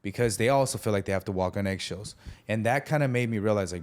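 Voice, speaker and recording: A man's voice: fairly low pitch, quick pace. A man telling his life story candidly as a podcast guest, using street slang and acting out the voices he quotes.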